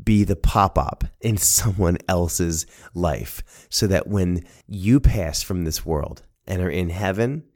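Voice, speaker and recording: A man's voice: deep voice, takes it slowly, few pauses. A man earnestly telling a personal family memory, acting out the voices of relatives. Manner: earnest, animated, acts out voices. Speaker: storyteller. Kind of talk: personal storytelling podcast.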